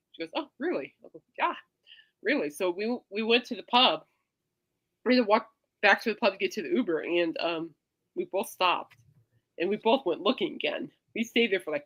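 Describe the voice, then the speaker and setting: A woman hosting her own podcast, telling rambling stories in a casual chat and calling her listeners "people". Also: mid-range voice. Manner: animated storyteller, swings loud and soft, addresses listeners as "people". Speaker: podcast host.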